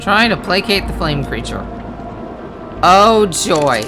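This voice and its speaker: Lively, sing-song gamer voice narrating game cards with game music underneath. Reads the story text, then drifts into unsure little asides and corrects itself mid-sentence. Home-recorded let's play. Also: mid-range voice, slow pace. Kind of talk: reading game text aloud with casual asides.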